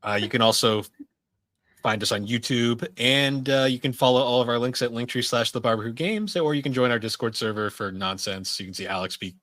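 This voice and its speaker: Bright-voiced male podcast host. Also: mid-range voice, brisk. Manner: rambling storyteller, laughs often. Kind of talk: casual chat.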